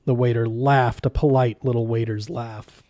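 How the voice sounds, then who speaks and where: A man reading a novel aloud with measured, expressive narration. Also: medium pitch, dry recording. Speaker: reader.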